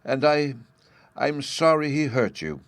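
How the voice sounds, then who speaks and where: A man voicing a kind little girl in a storybook, pitched well above a man's low register. She sounds soft and sweet, with the close, dry sound of a home-recorded audiobook. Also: sing-song, a little slow, dry recording. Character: high-voiced little girl, gentle and kind.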